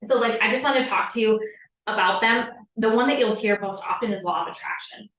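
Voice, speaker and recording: A woman's voice: fairly high pitch, a little fast, a bit bright. A woman hosting a live spiritual coaching talk, chatty and profane, with many fillers. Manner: casual, profane, filler-heavy with frequent "like". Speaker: podcast host and manifestation coach. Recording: echoey room, distant from the mic.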